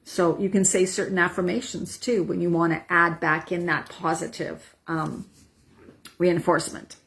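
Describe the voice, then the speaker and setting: A woman in her forties, a wellness coach, calmly guiding a tapping practice and checking in with "right?" and "okay?". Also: on the low side, moderate pace, creaky. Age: 40s. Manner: soothing affirmations with frequent "right?" and "okay?". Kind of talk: guided self-help demonstration.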